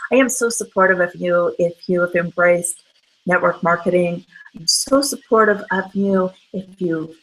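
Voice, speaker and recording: Bright-voiced emphatic motivational woman. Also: on the low side, poor audio. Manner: emphatic, full of rhetorical questions. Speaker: motivational speaker. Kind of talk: motivational talk.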